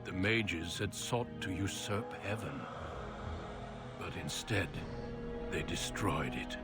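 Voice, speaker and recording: An actor voicing a grave, solemn narrator who tells a dark legend in a video game's opening cinematic. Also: male voice, low voice. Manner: measured, portentous storytelling. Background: loud cinematic music.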